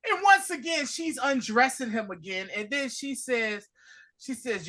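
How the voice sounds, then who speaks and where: A man's voice: very high voice, lively intonation, normal speed, bright, forceful tone. A man co-hosting a casual TV recap podcast, laid-back and slangy, telling scenes with a laugh. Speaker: podcast co-host.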